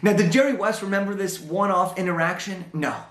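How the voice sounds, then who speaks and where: A young man giving a motivational talk, telling a personal story in an animated way and acting out the dialogue. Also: high voice, brisk, reverberant. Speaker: motivational speaker.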